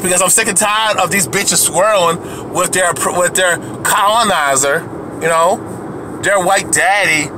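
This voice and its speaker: Man, heated profane rant, high voice, faint background noise, repetitive restarts. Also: a little slow. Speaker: video commentator. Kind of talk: angry profane rant to camera.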